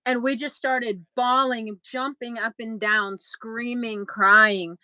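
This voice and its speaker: A young adult woman, a podcast co-host, telling a story in casual chat and acting out quotes with big jumps in pitch. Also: takes it slowly, hardly any pauses, sharp tone, dry recording, poor audio.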